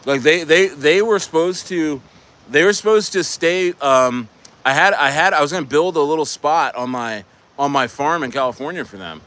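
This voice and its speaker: A man's voice: on the high side, normal speed, fairly bright tone. A man from New Jersey hosting a livestream in casual chat, rambling with many restarts. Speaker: livestream host.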